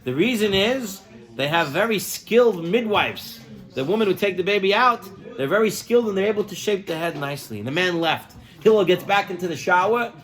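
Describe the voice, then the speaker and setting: A male rabbi gives a sermon with a voice that sits high for a man. He tells stories in an animated way and goes hushed to drive each lesson home. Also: a little fast. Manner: animated storyteller who acts out characters.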